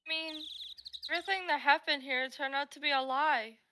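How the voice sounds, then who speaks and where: A woman's voice: sits high, fairly quick, noisy background, natural voice. A woman voicing a blunt, cheerful young woman sidekick in a fan voice-acting of a game. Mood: chatty.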